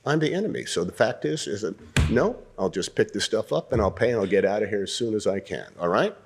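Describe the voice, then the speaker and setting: An older man teaching an acting workshop, coaching students through scenes in an animated way and often clearing his throat. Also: lowish voice, fast, background noise.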